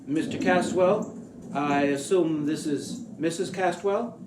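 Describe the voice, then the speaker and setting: A man's voice: a little high, takes it slowly, noisy background. A prim, middle-aged small-town real estate man, as a storyteller puts him on. He talks formally and fussily, counting off his points one after another. The reading has a roomy echo. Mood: fussy. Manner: fussy, formal and long-winded.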